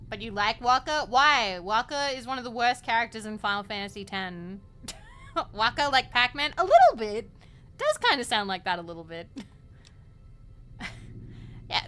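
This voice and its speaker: A woman's voice: fairly high pitch, sharp tone. A young Australian woman streaming a game, chatting casually and rambling with lots of giggles. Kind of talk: casual gameplay chat.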